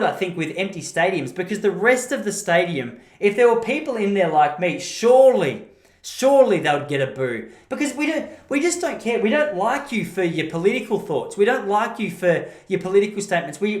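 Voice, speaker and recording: An Australian man talks through his opinions in a blunt, rambling solo podcast monologue. He swears casually. His voice rings in a noticeably echoey room. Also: high voice. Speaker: podcast host.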